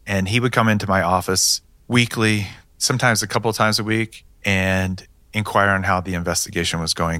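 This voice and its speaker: A man's voice: sits low, sharp tone, no room sound. A man, a police detective, telling his case in a matter-of-fact way with dry humor. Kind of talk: storytelling interview answers.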